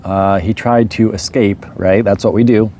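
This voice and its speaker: A man's voice: on the low side, normal speed, slight background noise. Laid-back man rambling through a story. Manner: relaxed, rambling, chuckles often. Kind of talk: casual storytelling monologue.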